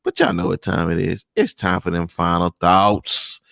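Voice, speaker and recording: A man with a low, gravelly voice hosting a casual talk show in a playful, upbeat way. His voice sounds close and dry, with no room around it. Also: huge pitch swings, moderate pace, a bit bright, no room sound. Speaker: host.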